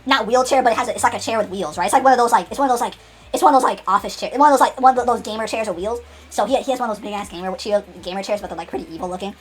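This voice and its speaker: Fast rambling woman storyteller. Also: on the high side. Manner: rambling, restarts, laughs often. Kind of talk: unscripted comedic storytelling.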